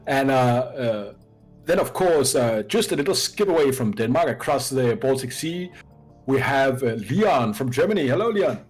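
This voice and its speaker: A man's voice: mid-range voice, lively intonation, normal speed, husky. A man hosts a tabletop game as its dungeon master. He narrates with drama and jokes with his players, and a faint music bed plays behind him. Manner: dramatic storytelling intro, playful banter. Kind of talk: hosting a tabletop game stream.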